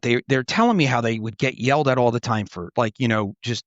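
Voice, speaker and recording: A man's voice: medium pitch, brisk, a bit bright, no room sound. A middle-aged man hosting a podcast, telling a story in casual chat, rambling with many restarts and swearing. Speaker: podcast host and former Marine officer. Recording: dull, dry lo-fi sound.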